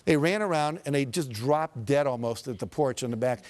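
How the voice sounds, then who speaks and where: Motivational speaker guy telling stories to a crowd, mid-pitched, punchy repeats. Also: expressive, moderate pace, a little mellow. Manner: storytelling, shifting into quoted characters; emphatic repetition. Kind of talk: motivational seminar talk.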